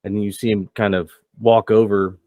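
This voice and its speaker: A man's voice: fairly low pitch, level tone, normal speed, dark tone, dry recording. A man narrating a tabletop game as game master in a casual, rambling way. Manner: casual, rambling, many fillers.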